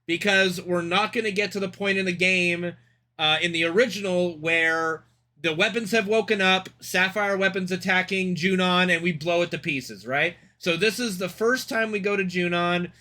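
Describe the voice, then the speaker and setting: Bright, high-voiced excitable male streamer. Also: normal speed. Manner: excitable, rambling, swears freely. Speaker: streamer reacting to a game trailer. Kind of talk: casual live-stream commentary.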